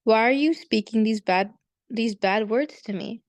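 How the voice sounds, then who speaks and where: A gentle, devoted young maiden, read aloud by a woman in an earnest storybook way. The voice is a touch high and dry. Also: unhurried, no room sound. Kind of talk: reading scripture story aloud.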